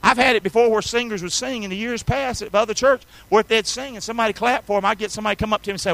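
A male pastor from North Carolina, preaching a sermon with enthusiasm, calling on the congregation to respond and swinging between loud and quiet passages. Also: high voice, rapid-fire, creaky, hardly any pauses, no echo, poor audio.

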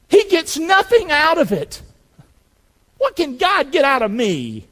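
A man with a North Carolina Southern accent preaching a fervent sermon, pushing his congregation to repeat lines back to him. His voice sits high for a man and swings widely in pitch as he rises and drops. The sound rings with the long reverb of a church hall. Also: huge pitch swings, measured pace. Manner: loud, fervent call-and-response preaching. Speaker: pastor. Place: church building.

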